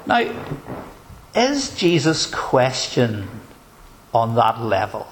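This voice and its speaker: A man preaching a sermon in an earnest, measured way, asking probing rhetorical questions. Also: mid-range voice, animated, slight background noise.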